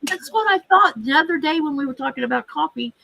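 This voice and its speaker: Woman guest, higher voice, storytelling and laughing, faint background noise on a call mic. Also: lively intonation, quick pace, creaky, pushed and bright, shouting, poor audio. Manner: tells stories with laughter, asks questions. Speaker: regular guest in the chat. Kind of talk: casual chat.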